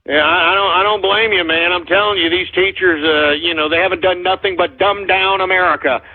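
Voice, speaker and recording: A man's voice: high voice, steady tone, brisk, breathy edge. A Texan man hosting a call-in radio show, brash and combative with callers. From Texas. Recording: muffled, phone-like radio stream.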